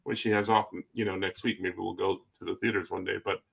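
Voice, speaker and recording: A man's voice: low voice, flat delivery, fast, gravelly, fairly bright tone. A man with a wife and son chatting casually as a co-host, telling stories and laughing at them. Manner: chatty storyteller, laughs at his own stories. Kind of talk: casual chat.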